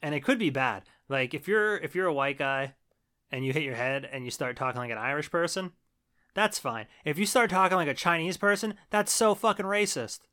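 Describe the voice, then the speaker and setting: A man co-hosting a podcast, recapping a film in casual, profane, animated chat. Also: a little high, a little fast, clear, resonant tone. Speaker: podcast co-host.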